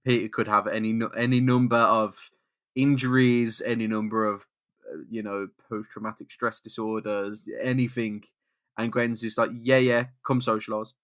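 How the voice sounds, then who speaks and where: A man's voice: on the low side, flat delivery, moderate pace, fairly bright tone, no room sound, studio quality. A man co-hosting a podcast, throwing in crude, laughing asides. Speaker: podcast co-host. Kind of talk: comic banter.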